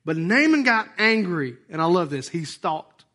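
A man preaching a sermon in church, animated and hoarse, with a worn-out voice. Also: high-pitched, a little slow. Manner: animated, acts out voices and asides. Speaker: pastor.

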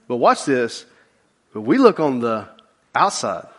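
A male pastor preaching a sermon, joking with the congregation and dropping low and slow for key points. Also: big pitch swings, fairly bright tone.

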